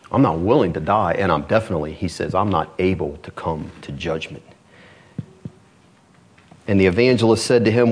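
Man, preacher, sermon, storytelling delivery, swings from loud emphasis to hushed low tones. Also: normal speed, pauses often, slightly rough.

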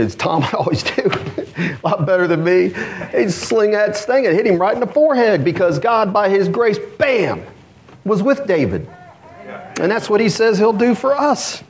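A man preaching a sermon to his congregation, animated and asking rhetorical questions. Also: sits high. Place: church congregation.

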